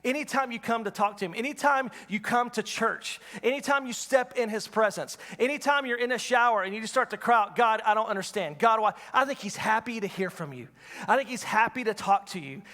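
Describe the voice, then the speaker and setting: In a church hall with a big-room sound, a pastor in his thirties preaches earnestly and repetitively, asking the congregation questions. His voice is very high-pitched and sharp, moving fairly quickly.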